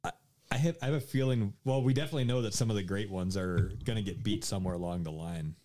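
A man co-hosting a podcast talks in a low, easygoing voice. He is laid-back and self-deprecating, and he laughs along with his friends. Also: quick pace, a little mellow. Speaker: podcast co-host. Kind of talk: casual chat.

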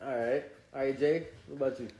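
A man hosting a casual group chat, relaxed and laid-back as he asks the questions. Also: mid-range voice, a little fast, reverberant, a loud crowd. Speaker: host asking the questions.

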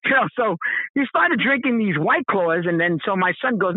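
A middle-aged man, a podcast guest, telling a story in a casual, animated way, repeating phrases and mimicking other people's voices. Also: sits high, moderate pace, no echo. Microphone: phone call. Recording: tinny phone line.

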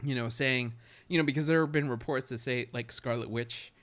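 A man co-hosting a casual chat, joking fast and crude and laughing often. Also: mid-range voice, fairly even intonation, fairly bright tone. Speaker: podcast co-host.

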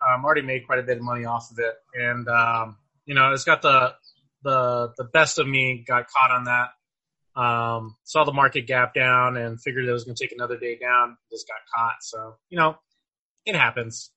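Relaxed man rambling with fillers. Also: mid-range voice, normal speed, poor audio. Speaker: podcast guest. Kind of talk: casual interview chat.

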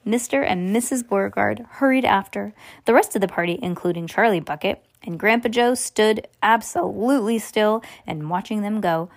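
A woman's voice: medium pitch, normal speed, creaky, hardly any pauses. A woman reading a children's book aloud to a child at home, informal and stumbling now and then, correcting herself as she goes. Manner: informal, with slips and self-corrections. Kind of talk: bedtime story reading.

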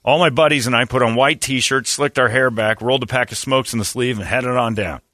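Sarcastic male talk host, bright and dry. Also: medium pitch, fairly even intonation, fairly quick, dry recording. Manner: sarcastic, mocking, reads quotes in put-on voices. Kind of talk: casual talk radio banter.

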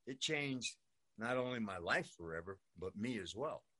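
A man's voice: fairly low pitch, expressive, normal speed, fairly bright tone, husky. An older man from Brooklyn telling his own story in a rambling, profane way, peppered with "man" and "you know". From Brooklyn, New York. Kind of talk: personal storytelling monologue.

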